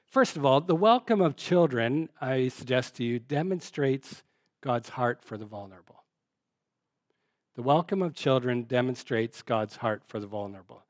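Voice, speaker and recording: A man's voice: fairly high pitch, no echo. Earnest preacher man, dry sound. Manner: earnest and conversational, with frequent restarts and rhetorical questions. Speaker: pastor. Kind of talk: sermon.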